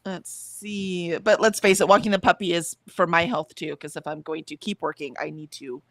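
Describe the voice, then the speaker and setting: A woman's voice: fairly low pitch, steady tone, a bit bright, no echo. Chatty woman host, dry close sound. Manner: chatty, emphatic, quick to laugh. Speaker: livestream co-host. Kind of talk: casual chat, reading out viewer comments.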